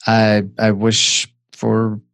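A man with a lowish voice answers interview questions in short, hesitant bits. He trails off and restarts as he searches for what to say. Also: completely flat delivery, extremely slow, creaky, a bit bright. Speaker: interview guest.

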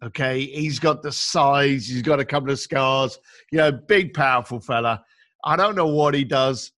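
A man telling stories as a guest in casual conversation, chatty and animated, acting out the people he quotes and using informal slang. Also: mid-range voice, moderate pace. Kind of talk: casual storytelling.

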